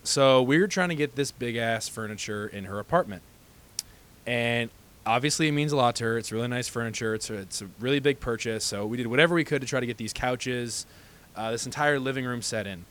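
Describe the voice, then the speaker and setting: A young man with a plain, mid-range voice tells a long story on a casual podcast. He rambles, filling his pauses with "uh" and "um". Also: medium pitch, fairly bright tone, clear, resonant tone. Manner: rambling, many "uh"s while telling a long story. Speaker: podcast co-host.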